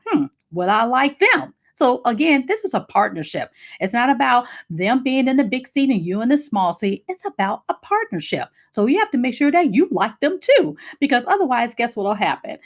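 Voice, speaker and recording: Lively, energetic woman career coach. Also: a little high. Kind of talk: instructional talk on job interviews.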